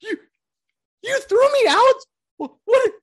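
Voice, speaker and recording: A woman's voice: very high voice, animated, slow pace, voice pushed up, full character voice. A woman putting on the voice of an indignant young male ballplayer, squealing in whiny disbelief.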